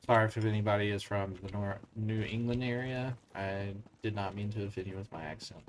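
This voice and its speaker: A man's voice: lowish voice, a little fast, a little hiss or hum. A man with a Southern US accent giving casual gameplay commentary, rambling with apologetic asides. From southern United States. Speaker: gaming streamer.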